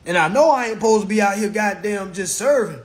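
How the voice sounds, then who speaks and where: Preachy profane man with lively high voice. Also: brisk. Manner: preachy, repeats phrases for emphasis; blunt and profane. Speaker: live-stream speaker. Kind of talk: profane live-stream lecture.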